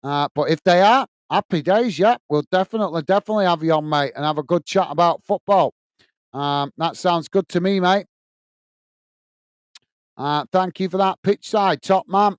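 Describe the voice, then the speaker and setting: Male watch-along host, high and smooth, casual and chatty, dry close mic. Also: normal speed, dry recording. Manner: chatty, loose, often calls listeners "mate"; reads viewer comments aloud. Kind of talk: casual live-stream chat and match commentary.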